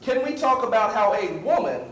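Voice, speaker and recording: A man's voice: sits high, sing-song, normal speed, fairly bright tone, lo-fi sound, slight background noise. A man preaching a sermon in a church, calling on the congregation to repeat words and slipping into colloquial asides. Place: large church hall. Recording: echoey hall.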